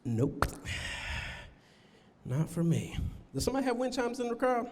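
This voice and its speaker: A man performing a stand-up comedy set on stage, telling loose stories and putting on squeaky high voices for other people. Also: sing-song, normal speed, long reverb tail, background noise. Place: comedy venue stage with live audience.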